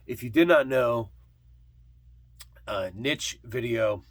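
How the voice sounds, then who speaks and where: A man's voice: mid-range voice, slow. A man hosting a casual vlog about thrift-store records, rambling with lots of ums and uhs. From partly Scottish heritage. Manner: rambling, with many fillers and restarts. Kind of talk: casual chat.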